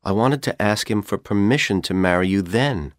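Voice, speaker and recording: Man doing a scheming young college guy, calm coaxing tone, low voice, dry close sound. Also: normal speed, no echo, close to an everyday voice. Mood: persuading.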